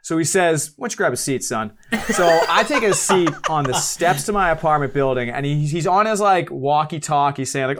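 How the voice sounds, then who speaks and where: A man's voice: on the high side, a little fast. A man in his twenties, a podcast guest, telling a story in casual chat, acting out quotes and laughing at himself. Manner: animated, acts out quotes, swears, laughs at himself.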